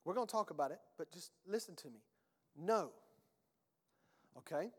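A male pastor preaching a sermon, reading scripture aloud and swinging between emphatic bursts and quiet asides. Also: sits high, expressive, normal speed, long pauses, slightly rough, long reverb tail.

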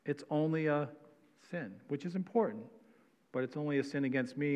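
A man's voice: on the high side, normal speed, darkish tone. A male pastor preaching a sermon, reading scripture aloud and then explaining it with frequent "right?" tags. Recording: dull sound with long hall reverb.

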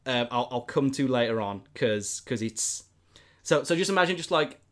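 A man's voice: mid-range voice, lively intonation, normal speed. A man, casually and animatedly retelling a film plot, rambling with lots of fillers.

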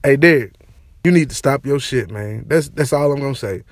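A young man ranting casually to camera as a sports and entertainment vlogger, slangy and animated, repeating his catchphrases. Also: mid-range voice, moderate pace, dry recording. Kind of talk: casual opinion rant to camera.

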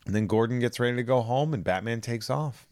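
A man's voice: mid-range voice, brisk, darkish tone, no echo, studio quality. A man co-hosting a podcast, retelling a story in a loose, joking way and swearing freely. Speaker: podcast co-host. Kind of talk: casual comic plot recap.

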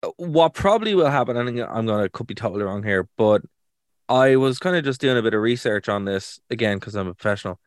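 A podcast co-host chats casually, joking and poking fun at himself. His medium-pitched voice is lively and fast, recorded dry and clean in a studio.

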